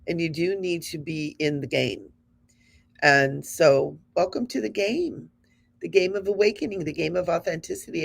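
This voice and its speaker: A woman's voice: fairly low pitch, vocal fry, breathy edge. A woman in her fifties hosting a spiritual show, talking to her audience in an earnest, encouraging, conversational way. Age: 50s.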